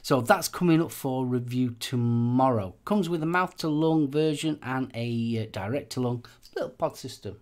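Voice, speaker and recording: A man's voice: medium pitch, normal speed, hardly any pauses. A man from England, hosting a live stream in a chatty, rambling way with lots of fillers. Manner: chatty, rambling, with many fillers and repeated phrases. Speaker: host of a live vaping channel show. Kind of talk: casual live-stream chat.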